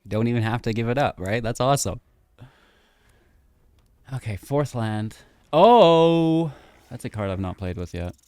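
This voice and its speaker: A man's voice: fairly low pitch, moderate pace, pauses often, darkish tone, clear, resonant tone, no echo. A man giving upbeat, chatty commentary on a card game deck and his matches, thinking aloud as he plays. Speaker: gaming content creator.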